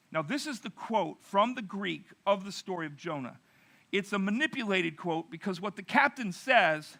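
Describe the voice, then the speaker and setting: A middle-aged pastor telling a narrative sermon, acting out quotes with dramatic pauses. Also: male voice, high voice, lively intonation, creaky, sharp tone.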